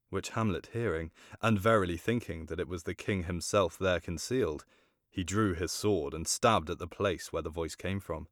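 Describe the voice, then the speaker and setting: A man reading a classic story aloud in a measured, formal narration. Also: sits low, dry recording, clean studio sound.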